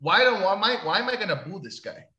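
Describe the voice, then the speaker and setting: A man co-hosting a talk show, his voice lively and bright as he jokes and swears through casual chat. He sounds like he is in an echoey room. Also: sits high, quick pace, muffled recording. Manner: animated, swearing, jokey. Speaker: podcast co-host.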